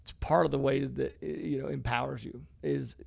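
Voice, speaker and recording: A man's voice: medium pitch, fairly even intonation, fairly quick, vocal fry, a little mellow, husky, no room sound, clean studio sound. A man co-hosting a podcast, talking in an emphatic, casual motivational way and cursing freely. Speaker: podcast co-host.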